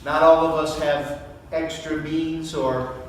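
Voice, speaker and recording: A male priest giving a sermon in a church, speaking slowly and deliberately and asking rhetorical questions. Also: fairly high pitch, flat delivery, a little hiss or hum. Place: church sanctuary. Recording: very echoey church from far off.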